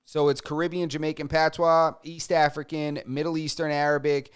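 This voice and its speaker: A young man on a casual podcast, talking in a loose, joking, slang-heavy way. His voice is clear and smooth. It sits a little higher than most men's. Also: little pitch movement, normal speed. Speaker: podcast co-host. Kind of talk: casual chat.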